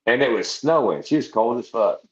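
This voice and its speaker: Fairly quick and lively in intonation, this medium-pitched male voice belongs to a veteran podcast guest. He delivers a long, rowdy, rambling anecdote, casual in tone, heavy on swearing and laughing asides. It's recorded with a roomy, slightly dull sound.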